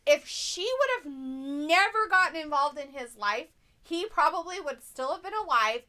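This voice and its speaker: A woman co-hosts a laid-back live stream, reading out viewer comments with plenty of giggles and casual swearing. Her voice sits high and swoops up and down a lot. It has a bright, forward ring. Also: lively intonation, moderate pace. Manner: giggly, swears freely, jokey mock-crying.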